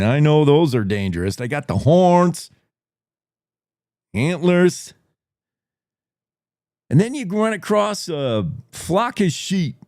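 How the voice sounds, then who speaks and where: A man's voice: on the high side, very animated, slow, long pauses, darkish tone, no room sound, studio quality. A man hosting a morning radio show, rambling and joking as he tells a story. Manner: jokey, rambling, plays a wolf in first person. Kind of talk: casual talk radio monologue.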